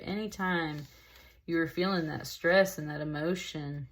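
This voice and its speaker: Lady with a low voice doing a tarot reading, chatty and rambly, kinda teary. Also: unhurried. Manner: rambling, emotional, says "y'all" and "like" often. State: tearful. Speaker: tarot reader. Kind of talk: casual spoken tarot reading.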